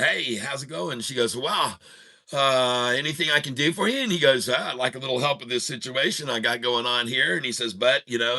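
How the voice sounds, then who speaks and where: Bright-voiced man telling a rambling joke. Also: medium pitch. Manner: rambling storyteller, laughs at own jokes. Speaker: day-trading channel host. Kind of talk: casual joke-telling and market commentary.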